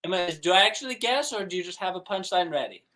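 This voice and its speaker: A prim customer needles the clerk in a dry, precise voice, as a woman acts her out. Her pitch jumps about as she teases, in an improvised comedy scene. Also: animated, fast talker, fairly bright tone. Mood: teasing.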